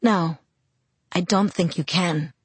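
A calm, quiet teenage boy with a gruff edge, as a woman reading a storybook voices him. He speaks low and husky, and the sound is close and dry. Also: slow, no room sound, heavily acted. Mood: soothing.

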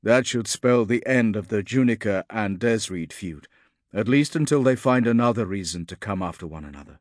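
A man reading a storybook voices a weary, steady male veteran in a low, matter-of-fact tone. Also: moderate pace, no room sound, clean studio sound, lightly acted. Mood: grim calm. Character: weary male veteran troubleshooter, calm, dry.

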